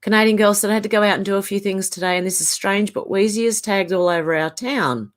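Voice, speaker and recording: A woman's voice: medium pitch, fast. A woman from Australia hosting a livestream, reading out viewer comments in a casual chatty way and chuckling often. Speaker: livestream host reading chat. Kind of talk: casual chat.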